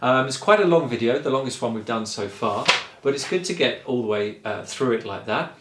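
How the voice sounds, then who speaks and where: A man giving a singing lesson, explaining calmly and encouragingly, step by step. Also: medium pitch, fairly quick, reverberant, very noisy. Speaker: singing teacher. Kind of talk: vocal lesson.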